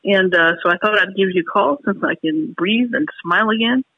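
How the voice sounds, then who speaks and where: A woman calling in to a talk radio show, talking in halting, emotional, frustrated bursts with many restarts. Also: mid-range voice, breathy edge, no room sound. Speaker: caller. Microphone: telephone. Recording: tinny phone line.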